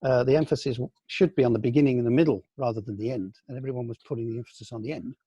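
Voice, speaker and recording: This older man from the UK speaks with a warm, slightly husky voice over a close, dry video-call line. He reflects at an easy pace, hesitating with ums and restarting phrases as he remembers. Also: mid-range voice, steady tone, very fast, no room sound. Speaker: senior aikido teacher answering questions. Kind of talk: casual online Q&A.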